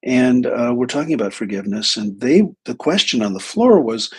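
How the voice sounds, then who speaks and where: A man's voice: medium pitch, sing-song, moderate pace, few pauses, breathy edge, poor audio. A man giving a casual live talk, telling stories in a flippant, irreverent way. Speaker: speaker and trainer.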